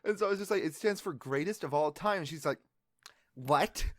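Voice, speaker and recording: A man's voice: on the high side, fast, no echo. A young man co-hosting a podcast, telling stories casually, mimicking others and laughing mid-sentence. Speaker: podcast co-host. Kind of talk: casual chat.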